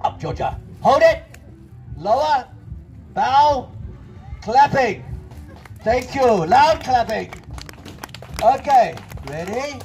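A man's voice: very high-pitched, big pitch swings, drawn-out words, pauses often, a little mellow, soft background music. A man performing a comedy children's show, directing young volunteers with bossy, theatrical showman banter. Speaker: children's entertainer. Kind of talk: comic audience-participation patter. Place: outdoor festival stage.

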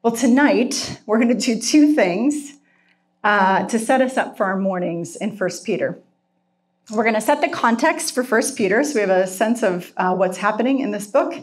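A woman's voice: medium pitch, lively intonation. Earnest woman preaching a heartfelt sermon. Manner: earnest, emotional, slows down for emphasis. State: tearful at times. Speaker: speaker at a Christian retreat. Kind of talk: sermon with personal testimony.

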